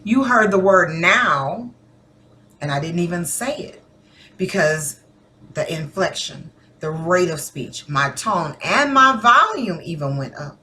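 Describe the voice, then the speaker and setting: A woman's voice: on the low side, slow pace, a little hiss or hum. A woman teacher giving a recorded lesson to her students, chatting casually and acting out different tones of voice. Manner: conversational, animated demonstrations of tone.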